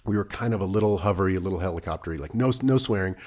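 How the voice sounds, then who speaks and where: A man's voice: sits low, racing. A man in his thirties co-hosting a casual parenting podcast, telling stories with lots of laughter. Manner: animated storytelling, laughs often. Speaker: podcast co-host. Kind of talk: casual chat.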